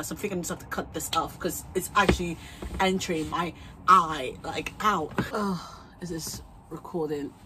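A woman's voice: on the low side, background noise. A young woman vlogger chatting casually while trying on wigs at home, bubbly and rambling, laughing often and swearing freely.

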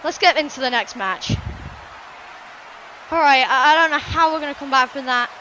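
A woman giving excitable play-by-play commentary on a wrestling video game, shouting and gasping at big moments and rambling between. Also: high voice, normal speed, slight background noise, rough recording.

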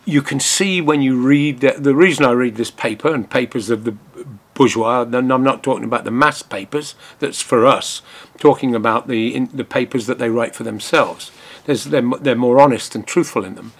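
An older man talks through a newspaper article in a political commentary. His voice sits at an ordinary middle pitch. He stumbles and restarts often as he reads and comments. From Britain.

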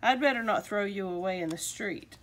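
A woman's voice: mid-range voice, normal speed, noisy background, close to an everyday voice. A woman voicing a grumbling old man who frets and argues with his hat. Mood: fretting. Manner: talks to himself, fretful back-and-forth.

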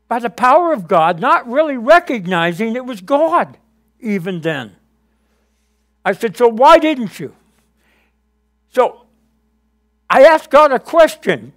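High-voiced pastor preaching with animated storytelling. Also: male voice. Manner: animated storytelling, acting out his own past dialogue with God; addresses the congregation with quick questions. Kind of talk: sermon.

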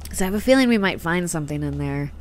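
A woman talks through her game in an unhurried, chatty way, her lowish voice swinging up and down a lot. She reacts out loud with gasps and drops into little whispers. A faint hum sits behind her. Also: lively intonation. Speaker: gaming video host. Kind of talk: let's-play commentary.

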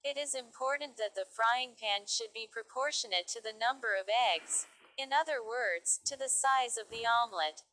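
Reading stories slowly for English learners, this woman keeps her delivery careful and clear at a normal speed with hardly any pauses. Her fairly high voice has a sharp tone, and the recording is low quality.

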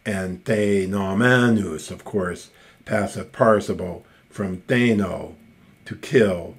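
A man giving a recorded lecture on Greek grammar, explaining slowly and deliberately with frequent pauses and fillers. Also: sits low, gravelly. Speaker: classics lecturer.

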